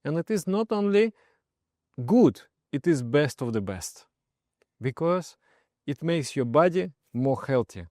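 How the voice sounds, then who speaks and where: Male meditation teacher, gentle storyteller, medium pitch, dry recording. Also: dry recording. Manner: soft-spoken, often trails off quietly, laughs while telling stories. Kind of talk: personal story and spiritual advice.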